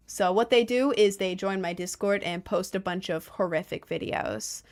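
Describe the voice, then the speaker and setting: Chatting with her viewers, a young woman streamer reads their messages aloud at a moderate pace with hardly any pauses. Her mid-range voice stays steady in tone while she rambles, fills her sentences with fillers and laughs often.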